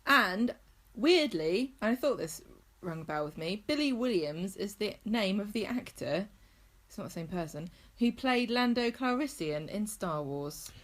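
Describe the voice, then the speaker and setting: A woman co-hosting a podcast in casual chat, adding quick quips and trivia. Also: mid-range voice, lively intonation. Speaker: podcast co-host.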